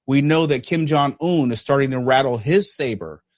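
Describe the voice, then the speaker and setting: Male talk-radio host, interviewer, measured and probing, average pitch.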